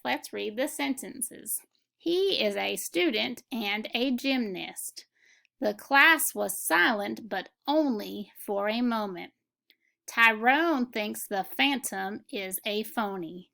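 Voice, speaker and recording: A woman teaching a phonics lesson, decoding words step by step in a clear, methodical way. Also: on the high side, lively intonation, slow pace, pushed and bright.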